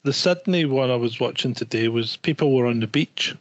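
A man's voice: medium pitch, fairly quick, muffled recording. A man chatting casually as co-host, telling stories with amusement over a remote call. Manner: storytelling, amused. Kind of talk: casual chat.

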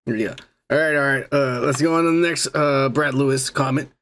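A young man co-hosting a podcast, talking crudely and boastfully in a casual drunk chat with a raspy voice. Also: mid-range voice, fairly even intonation, moderate pace, a bit bright. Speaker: podcast co-host.

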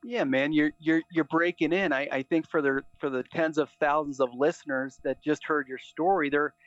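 A podcast host chats in a casual, enthusiastic way. His voice sits a bit higher than most men's. The sound is dry and slightly muffled. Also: steady tone, normal speed, no echo. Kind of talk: casual interview. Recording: slightly dull, dry audio.

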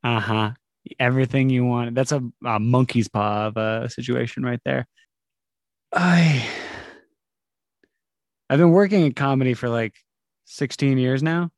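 A man's voice: medium pitch, unhurried, long pauses, dry recording. A man in his thirties, a comedian guest on a casual podcast, rambling with frequent laughs. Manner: laughing, rambling, slips into mock voices.

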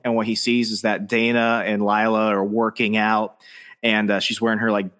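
A man's voice: on the low side, fairly bright tone. A man co-hosting a podcast, casually recapping a comic with loose, profane storytelling. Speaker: podcast co-host. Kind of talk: casual comic book discussion.

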